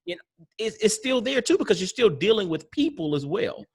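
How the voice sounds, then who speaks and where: High-pitched man, host, animated, lively intonation, affirming conversational style. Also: fairly quick, slightly rough. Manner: lively, affirming, many fillers and exclamations. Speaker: podcast host. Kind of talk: conversational interview.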